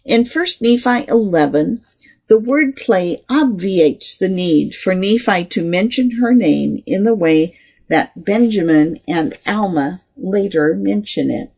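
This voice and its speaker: A reader reading a scholarly article aloud, saying the quote marks and punctuation out loud. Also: medium pitch, lively intonation, takes it slowly, gravelly, breathy edge.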